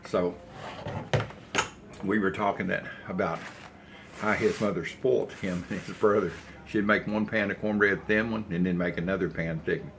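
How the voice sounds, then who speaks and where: Deep-voiced older man cooking. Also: fairly even intonation, normal speed, gravelly, noisy background. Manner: rambling, folksy storytelling while cooking. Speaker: cooking channel host. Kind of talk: casual cooking vlog chat. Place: home kitchen.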